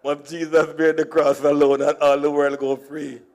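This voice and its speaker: A middle-aged Jamaican conference speaker with a Jamaican accent delivers humorous stories, alternating between Creole and standard English and chuckling at his own jokes. His voice is on the high side and darkish in tone, with little pitch movement and a moderate pace.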